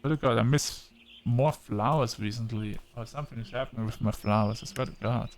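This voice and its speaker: A chatty man gives relaxed commentary while he plays a video game, reading on-screen dialogue aloud as he goes. His voice sits at a middling pitch, with soft music faintly behind him. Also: a little fast. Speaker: gaming video creator. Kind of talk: casual let's-play commentary.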